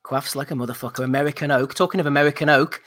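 A man's voice: a little high, steady tone, very fast, a bit bright. A man hosting a live podcast, bantering and reading out chat comments in an upbeat, casual way. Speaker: podcast host.

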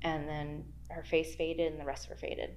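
A woman with a low, darkish, level-toned voice speaks at a moderate pace with an American Midwest accent. As a guest in a podcast interview, the library archives worker shares a spooky workplace tale, voicing the quoted dialogue with big jumps in pitch.

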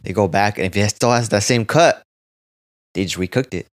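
A man co-hosting a podcast, who jokes and teases in casual chat. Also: lowish voice. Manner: joking, teasing, quick with jokes. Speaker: podcast co-host.

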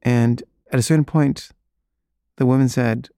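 A man's voice: medium pitch, fairly even intonation, measured pace, mellow, clear, resonant tone, dry recording, studio quality. A man casually telling a personal story, chuckling now and then and acting out the dialogue he remembers.

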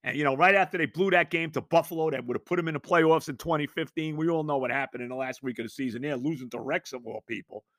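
A man with a high, bright voice rants through a sports talk monologue, exasperated and sarcastic. He fires off one rhetorical question after another. The sound is dry and close. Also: fast talker, few pauses, no echo. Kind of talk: ranting sports commentary monologue.

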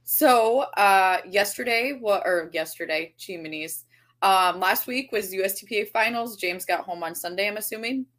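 A woman's voice: medium pitch, normal speed, fairly bright tone. A woman co-hosting a podcast over a video call, rambling cheerfully and laughing at herself. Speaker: podcast co-host. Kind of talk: casual chat.

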